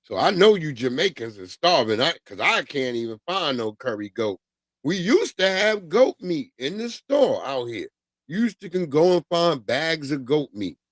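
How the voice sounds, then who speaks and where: A middle-aged man hosting a casual livestream, ranting in a loose, profane, animated way and laughing often. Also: a little high, normal speed, no echo. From New York. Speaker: livestream host.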